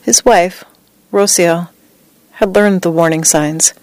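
A woman reading a true story as scripted narration, with a measured, even delivery. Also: on the low side, no echo.

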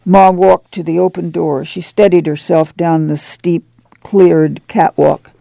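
A man narrating an audiobook in a measured, unhurried way. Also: fairly high pitch, level tone, vocal fry, mellow, no echo.

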